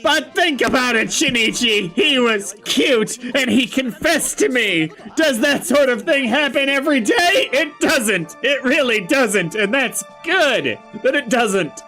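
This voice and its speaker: Guy doing a squeaky hyper girl, shouty and gushing, bright tone, faint music behind. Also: lively intonation, a little slow, full character voice. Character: excitable young girl, loud and pleading. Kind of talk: voicing a visual novel.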